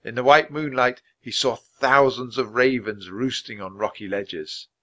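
A man reading a children's chapter book aloud in a clear, measured, expressive way. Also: mid-range voice. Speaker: storybook reader.

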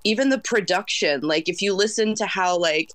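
A woman in her thirties from the US East Coast, a singer chatting in an interview, quick, loud and intense. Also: mid-range voice, no echo. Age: 30s. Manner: fast, loud and intense, by her own words. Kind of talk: casual interview chat.

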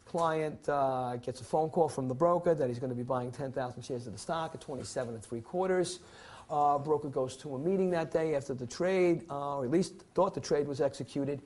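Male instructor, husky voice, theatrical classroom lecture, acts out scenarios, coaxes the class. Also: on the high side, a little fast, darkish tone. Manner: theatrical, coaxing the class, plays client and broker. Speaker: securities licensing instructor.

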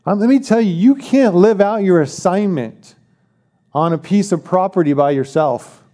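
A man's voice: high voice, moderate pace, warm tone. A man preaching a sermon as pastor, emphatic, repeating key phrases and asking the congregation questions.

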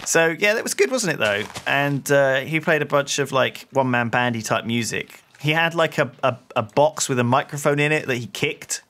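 A man's voice: medium pitch, moderate pace, few pauses. A young man, chatting casually and telling a rambling story over gameplay on a headset mic. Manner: animated, rambling, laughs while telling stories. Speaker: co-host.

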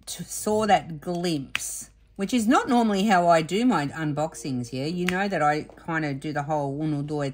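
Low-pitched yet fairly bright, an Australian woman's voice drifts through casual crafting talk as she works on diamond painting in her home craft room. Fillers and restarts pepper her rambling, and she sounds emotional, confessing her exhaustion.

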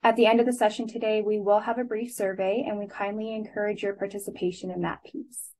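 A woman's voice: medium pitch, flat delivery, fast, mellow, poor audio. A woman moderating a webinar, reading logistics and introductions in a polite, formal way. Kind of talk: scripted announcements.

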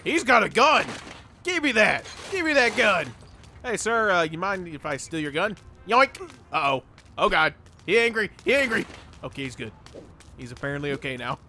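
A young man doing excitable let's play commentary, yelping and laughing as he plays. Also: high-pitched, moderate pace, faint music behind. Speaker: gaming channel host.

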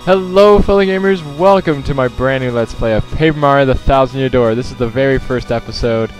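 A man's voice: medium pitch, a little fast, soft background music. A man hosting a let's play, commenting casually and rambling over the game.

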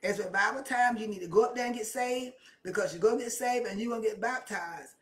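A woman's voice: a little high, fast. A woman preaching a sermon with impassioned, repetitive emphasis that rises and presses her points. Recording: echoey room, mic at a distance.

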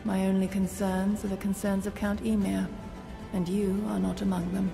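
A woman's voice: medium pitch, flat delivery, normal speed, vocal fry, over music, natural voice. An actress with an upper-class English accent playing a rude, haughty female bodyguard. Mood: curt. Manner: curt, haughty. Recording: hall reverb.

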